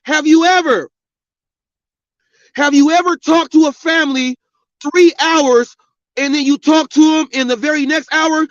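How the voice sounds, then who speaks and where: A man's voice: very high voice, a bit bright, dry recording. A middle-aged man hosting a podcast, delivering an angry, profane, preachy rant. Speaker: podcast host. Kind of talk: ranting monologue. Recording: dull, lo-fi sound.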